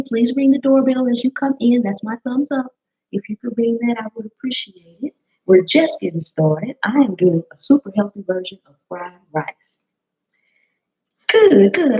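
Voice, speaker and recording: Woman, live-stream cooking host, chatty and welcoming, slightly hoarse, muffled webcam audio. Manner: chatty, greets viewers by name, bursts into high excited greetings. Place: home kitchen.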